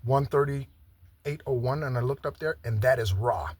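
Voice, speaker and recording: A man's voice: medium pitch, a little slow, a little mellow, slightly rough. A man giving a spiritual tarot reading in a chatty way, often checking in with "okay?". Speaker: tarot reader. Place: home in Southern Arizona.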